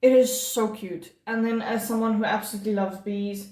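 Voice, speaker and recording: A woman's voice: medium pitch, steady tone, normal speed, a little mellow. Woman booktuber gushing about books, chatty, lots of ums, echoey room. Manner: chatty and gushing, many fillers and restarts. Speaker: book vlogger. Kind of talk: casual monthly reading wrap-up.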